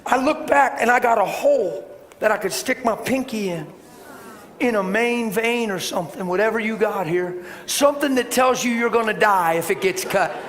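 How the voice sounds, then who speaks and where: A middle-aged man preaching a sermon, telling a story with animated swings from shouting to soft, hushed tones. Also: high voice, normal speed, slight background noise. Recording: echoey hall with faint ambience.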